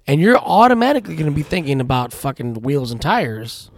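A man's voice: a little high, very animated, brisk, hardly any pauses, dry recording. A man co-hosting a casual podcast, ranting through profane stories about his work at a tire shop. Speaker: podcast co-host.

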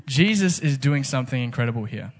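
A man's voice: mid-range voice, lively intonation, quick pace. A man preaching a casual, conversational sermon, full of rhetorical questions. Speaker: pastor.

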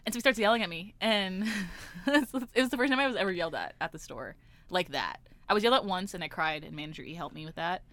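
A woman's voice: on the low side, fast, no echo. A young woman telling a story in casual podcast chat, acting out the people in it and laughing often. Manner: animated storytelling, acts out callers, laughs often. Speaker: podcast co-host.

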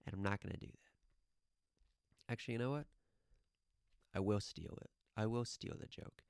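A man's voice: on the low side, a little slow, creaky, smooth, dry recording, studio quality. A man talking casually and rambling, often laughing and swearing while he tells a story. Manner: rambling, laughing, profane, animated.

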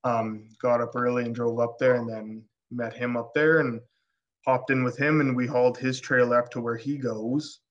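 A man from Alberta, Canada, a podcast guest telling a story in casual chat, excitable and rambling with many restarts. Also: medium pitch, normal speed. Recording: dull lo-fi podcast audio.

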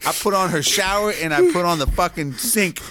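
A man's voice: sits high, sing-song, brisk, a loud crowd. A man in his thirties co-hosting a casual chat, telling slangy stories and laughing through the punchlines. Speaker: podcast co-host.

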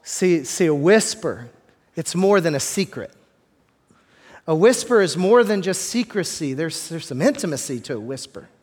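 A man preaching a sermon as pastor, talking in a relaxed, conversational way with repeated words and joking asides to the congregation, in a church. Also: fairly high pitch, moderate pace. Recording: long hall reverb.

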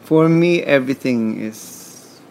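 Slow, creaky and a little mellow, a mid-range male voice with a Filipino accent comes from a podcast guest from the Philippines. He speaks emphatically and motivationally in the interview, repeating his words.

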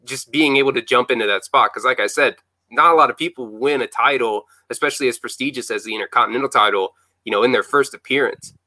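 Male podcast host, bright crisp voice, dry close sound, easy admiring chat. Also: medium pitch, fast talker, no room sound, low-quality recording. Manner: admiring, conversational. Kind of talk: casual interview chat.

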